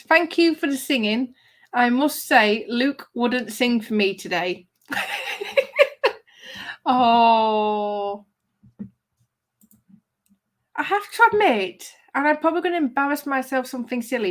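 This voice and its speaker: A woman hosting a casual livestream, chatty and giggly as she reads viewers' comments aloud. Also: sits high. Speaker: livestream host reading chat. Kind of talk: casual live-stream chat.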